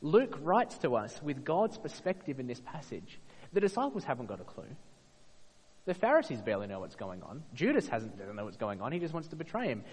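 A man preaching a sermon in an earnest way, swelling to emphatic peaks and then dropping soft. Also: medium pitch, wildly swooping pitch, a little fast, slightly rough, big-room sound, rough recording.

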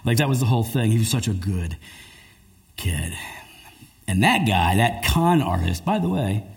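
A man preaching a sermon, telling a story with lively delivery and acting out the people in it. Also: fairly low pitch, moderate pace, creaky. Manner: animated storyteller, acts out voices. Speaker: pastor.

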